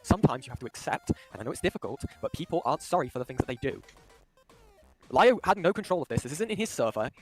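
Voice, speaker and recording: A man mediating a dispute on a voice call, lecturing calmly and explaining at length. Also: on the high side, quick pace, faint music behind. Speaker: call moderator.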